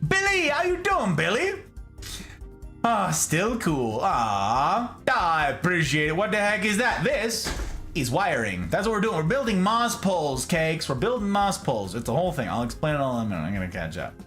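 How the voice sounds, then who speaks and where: A man hosting a live stream, chatting casually and greeting his viewers in a playful, animated way. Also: a little high, normal speed, faint music behind.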